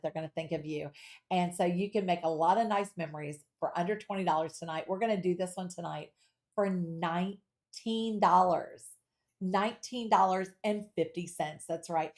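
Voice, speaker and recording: A middle-aged woman hosts a live jewelry sale with a chatty, playful energy. She talks straight to her viewers, reads their comments aloud and keeps the pitch lively and personal. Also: moderate pace. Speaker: home shopping host.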